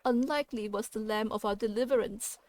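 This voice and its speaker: A stately, solemn guinea pig noblewoman, as a woman puts her on, declaiming grandly in a put-on fancy accent. Her voice sits high and rings out loud and proud, like a game figure giving a royal speech. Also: a little fast, lightly acted. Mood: grandiose. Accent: put-on weird fancy accent. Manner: theatrical, lofty and declaiming.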